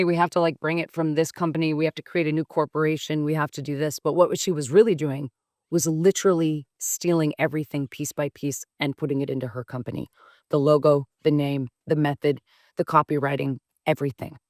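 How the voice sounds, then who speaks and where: A woman's voice: low voice, no room sound, studio quality. A woman hosting a podcast, telling a candid personal story in a frank, emotional way, swearing freely and acting out her past thoughts. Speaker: podcast host.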